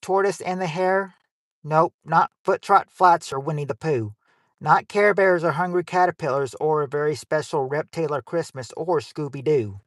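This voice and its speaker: A man's voice: on the high side, moderate pace, a bit bright, no echo, clean studio sound. A man hosting a family game night livestream, reading out survey answers with rambling jokes and crude wisecracks. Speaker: game show host.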